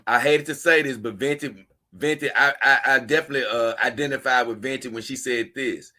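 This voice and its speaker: A man's voice: medium pitch, steady tone, brisk, pushed and bright. A man, hosting a casual show, rambling and chuckling as he reads posts aloud to his viewers. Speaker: host.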